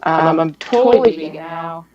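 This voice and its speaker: Halting, rambling man doing stand-up. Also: fairly high pitch, dull audio. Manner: rambling, halting, self-deprecating. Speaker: stand-up comic. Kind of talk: stand-up comedy set on a video call. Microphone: video call.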